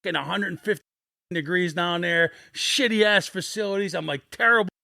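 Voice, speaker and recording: A man in his fifties telling rough, profane stories as a podcast guest in an animated, swearing way. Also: high-pitched, moderate pace, dry recording, studio quality. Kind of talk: casual storytelling on a sports podcast.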